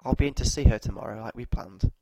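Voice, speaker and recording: A man voicing an eccentric grown woman who rides the bus, speaking in a clear, strong, chatty way. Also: medium pitch, fast, dark tone, dry recording, lightly acted. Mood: cheery.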